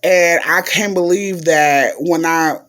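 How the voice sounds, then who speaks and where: A man's voice: fairly high pitch, slow pace, fairly bright tone. A man vlogging in a chatty, casual way, telling a story to his viewers and calling them y'all.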